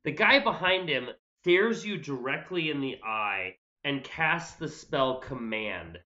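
A man's voice: medium pitch, animated, slow pace, sharp tone. A man acting as game master, patiently calling turns and checking rolls. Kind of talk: running a tabletop game. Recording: lo-fi audio.

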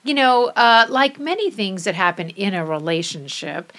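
A woman co-hosting a podcast, chatting casually with animated asides and frequent laughs. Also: mid-range voice, moderate pace. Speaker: podcast co-host. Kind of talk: casual chat.

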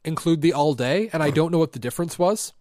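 Deadpan man with a fairly high voice. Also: fast, no room sound. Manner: dry, deadpan joking. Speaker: podcast co-host. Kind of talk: casual chat. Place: lives in Michigan.

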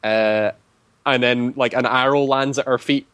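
A man's voice: mid-range voice, fairly even intonation, measured pace, a bit bright, clean tone, no echo. Rambling man telling a game story. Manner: rambling, heavy use of "like" fillers. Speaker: tabletop game player. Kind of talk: casual storytelling.

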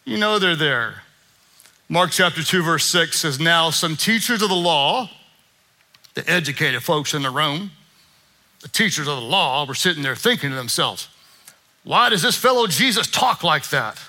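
A man preaching a sermon as pastor, leading call-and-response and rising to shouts. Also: on the high side, expressive, moderate pace. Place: church sanctuary with congregation.

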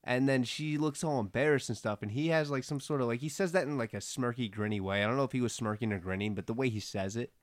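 A young man co-hosting a casual anime recap podcast, animated and slangy, often laughing. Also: mid-range voice, quick pace, few pauses, dry recording, clean studio sound. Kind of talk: casual chat.

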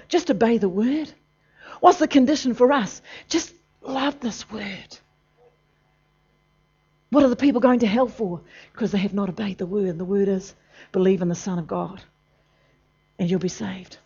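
A preacher delivering a sermon emphatically, moving between loud bursts and low, intense passages. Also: breathy edge. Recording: dull lo-fi recording.

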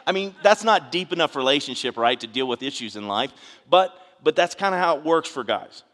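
Man, pastor, conversational sermon, earnest, halting restarts, mid pitch, long church reverb. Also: lively intonation, a bit bright. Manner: earnest storytelling, frequent restarts and "you know". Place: church sanctuary.

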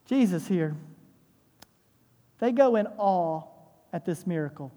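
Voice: mid-range voice, expressive, slow pace, dark tone, long reverb tail. A pastor preaching a sermon in a church, emphatic, with rhetorical questions and repeated phrases.

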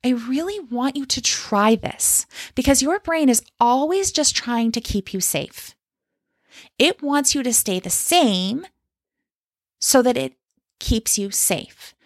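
A woman's voice: high voice, very animated, measured pace, no echo, clean studio sound. A woman life coach talking straight to listeners on her solo podcast, direct and encouraging, often checking in with "okay?" and "right?". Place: lives in Canada.

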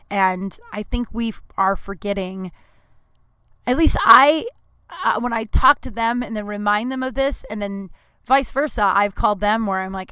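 A woman's voice: medium pitch, a bit bright, clear, resonant tone, no room sound. A young adult woman hosting a podcast, chatting casually and profanely with self-deprecating jokes. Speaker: podcast host. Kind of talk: casual solo podcast outro.

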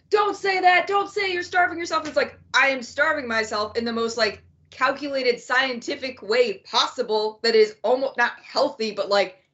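A woman's voice: fairly high pitch, a bit bright, highs cut off. A woman co-hosting a podcast who competes in physique shows, talking in a blunt, profane, emphatic way. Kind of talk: casual podcast chat.

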